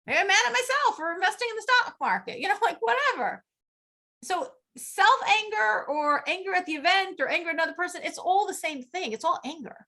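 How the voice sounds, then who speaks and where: Animated high-voiced woman teaching. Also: quick pace. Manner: animated, acts out inner voices, laughs often. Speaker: teacher of a women's class. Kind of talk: lecture with group discussion.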